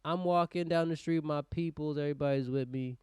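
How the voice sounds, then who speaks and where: A man's voice: fairly high pitch, quick pace, clean tone, no echo, clean studio sound. A young man co-hosting a casual podcast chat, acting out scenes with voices and lots of swearing. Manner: animated, acts out scenes with voices, heavy swearing. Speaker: podcast co-host.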